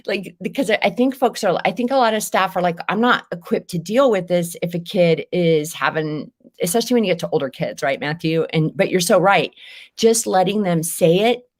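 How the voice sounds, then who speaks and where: A woman educator speaking as a podcast guest, affirming and agreeing often in casual conversation. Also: on the low side. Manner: warm affirming listener, frequent agreement.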